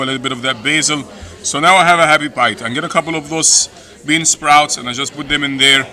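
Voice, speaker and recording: A middle-aged man eating and reviewing a meal, effusive and a little hoarse from hot pepper. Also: medium pitch, bright, forceful tone. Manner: enthusiastic, repeats "delicious" and "beautiful". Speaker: food vlogger. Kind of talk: casual food review while eating. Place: busy restaurant, indoors. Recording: noisy restaurant with crowd chatter. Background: crowd chatter.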